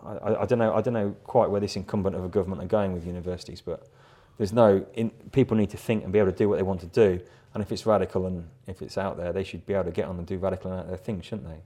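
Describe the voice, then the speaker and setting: A man's voice: deep voice, steady tone, racing, hardly any pauses, dark tone. A middle-aged man, a guest artist in a live interview, talking in a rambling, chatty way with frequent laughs and repeated words. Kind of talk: casual interview chat.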